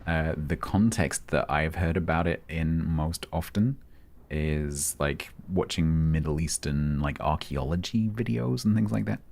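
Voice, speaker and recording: A man's voice: a bass voice, measured pace, creaky, darkish tone. A man, chatting casually with his stream viewers and rambling with many ums and restarts. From London, England. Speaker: livestreamer. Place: home, United Kingdom.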